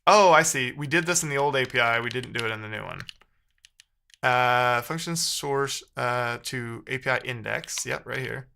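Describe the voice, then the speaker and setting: A man's voice: medium pitch, normal speed, gravelly, bright, forceful tone, slight background noise. A man live-streaming himself debugging code, thinking aloud and trading sarcastic banter with his chat. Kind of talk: casual live-stream coding commentary.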